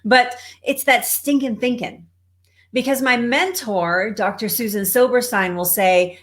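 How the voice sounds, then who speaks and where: A woman's voice: on the high side, unhurried, a bit bright. A woman with a Texan accent, a cancer coach giving a conversational motivational talk to live viewers. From Texas. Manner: conversational, greets viewers, laughs often.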